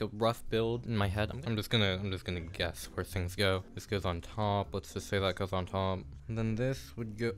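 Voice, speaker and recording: A young man filming a casual vlog in his home kitchen on a phone, flustered and self-mocking as he swears through a build. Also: fairly low pitch. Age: young adult. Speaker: YouTuber. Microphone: phone camera.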